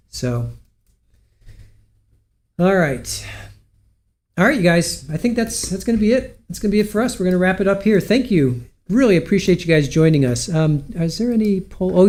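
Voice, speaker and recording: A man's voice: fairly high pitch, darkish tone. A man hosting a livestream, wrapping up in a casual, rambling way and correcting himself often. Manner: rambling, self-correcting, friendly. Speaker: livestream host. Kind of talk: casual livestream sign-off chat.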